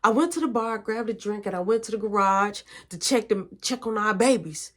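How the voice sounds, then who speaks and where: A woman voicing her panicked middle-aged mother, frantic and wailing in a high, loud voice. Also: normal speed, natural voice.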